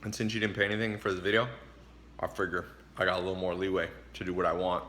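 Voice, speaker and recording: A man's voice: deep voice, little pitch movement, fast, a bit bright, a little hiss or hum. A man giving casual motivational advice straight to the camera, emphatic and preachy, chuckling between points and eating as he talks. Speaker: vlogger giving life advice.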